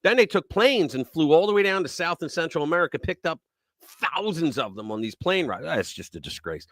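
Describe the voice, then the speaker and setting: A man hosts a live news talk stream in a loose, mocking manner, now loud, now muttering. His pitch sits a little high and swings a lot. The sound is dry and close. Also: very animated, a little fast, no echo. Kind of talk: casual opinion talk.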